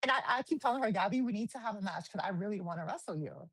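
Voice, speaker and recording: A woman, a guest wrestler, telling stories in a casual interview, animated, swearing freely and acting out quotes. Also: medium pitch, very fast, slightly rough, no echo, poor audio. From New Jersey.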